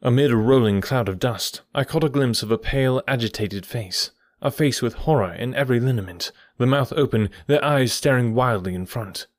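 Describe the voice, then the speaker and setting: A man reading an audiobook in measured storytelling narration. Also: mid-range voice, dry recording, studio quality. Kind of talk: scripted narration.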